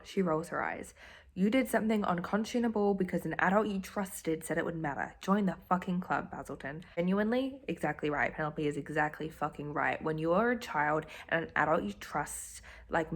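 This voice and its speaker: A woman, chatting expressively and with sarcastic asides while reacting to a book on her reading vlog. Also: lowish voice. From Australia. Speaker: book vlogger.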